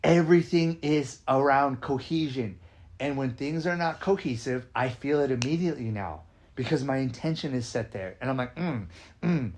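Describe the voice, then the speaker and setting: A man talking casually as a podcast host and dance coach, energetic and emphatic, often asking "right?" and swearing now and then. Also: mid-range voice, moderate pace, slight background noise. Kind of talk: casual conversation.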